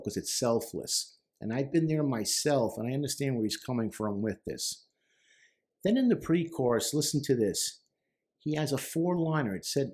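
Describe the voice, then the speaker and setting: A middle-aged man talks earnestly as a therapist, breaking down lyrics line by line. His voice sits at a middle pitch, and he leans into quoted lines with rising emphasis. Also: darkish tone. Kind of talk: explanatory talk to camera.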